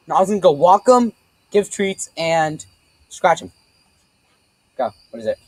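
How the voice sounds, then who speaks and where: A man's voice: high voice, expressive, a little mellow, dry recording, low-quality recording. A man playing a party game and bantering, teasing and arguing about points, picked up on a laptop mic at home. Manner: teasing, competitive, quick to argue. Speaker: game player. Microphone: laptop webcam mic.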